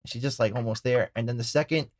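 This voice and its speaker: A young man hosting a wrestling podcast, telling stories in a loud, profane, casual way. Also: mid-range voice, fairly even intonation, fast, dry recording, studio quality. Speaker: podcast host. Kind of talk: casual chat.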